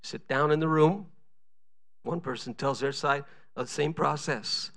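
A man's voice: on the high side, measured pace, gravelly, a bit bright. A middle-aged male pastor preaching a sermon, telling stories and acting out the voices of the people in them. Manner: storytelling preacher, acts out quoted voices.

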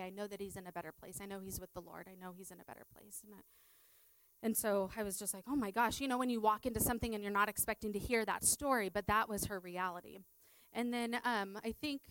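Female teacher, testimony delivery; smooth, dry close sound; halting, filler-heavy, drops soft on heavy moments. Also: medium pitch, no echo, low-quality recording. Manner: halting, repeats words, many fillers; drops to a hushed voice at sad moments. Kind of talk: personal testimony to an audience.

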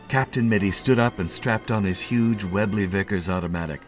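A man reading a short story aloud in an expressive, measured way. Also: sits low, soft background music. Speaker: narrator.

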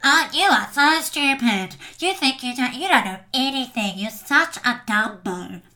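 Woman putting on a shrill cartoon bully voice. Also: lively intonation, moderate pace, bright, forceful tone. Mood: taunting. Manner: taunting, mocking. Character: silly mean female cartoon inner bully.

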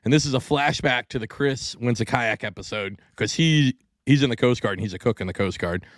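A man's voice: medium pitch, brisk, dry recording. A man hosting a podcast, telling rants and stories in casual banter, with heavy cursing. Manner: profane, ranting storyteller.

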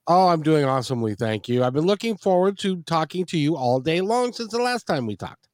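A man's voice: a little high, big pitch swings, brisk, a little mellow, no room sound, studio quality. A man hosting a radio talk show, chatting loosely with many restarts and fillers. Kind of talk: casual interview.

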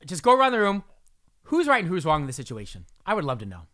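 A man's voice: on the high side, fast talker. A man telling a story to friends in casual chat, acting out the lines of the people in it. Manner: acts out quotes in shifting voices, lively.

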